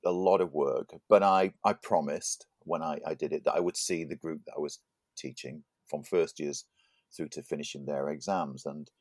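A man's voice: rumbling low, fairly even intonation, moderate pace, a little mellow, no echo, studio quality. A man co-hosting a podcast in casual chat, laughing often and tripping over his words. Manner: chatty, laughs often, stumbles and repeats words. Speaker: podcast co-host.

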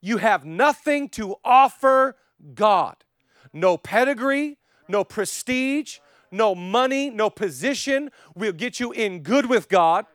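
A man preaching a sermon as pastor, with passionate rhythmic repetition, swinging from loud declarations to hushed, intimate passages. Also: sits high, lively intonation, takes it slowly, dry recording, studio quality.

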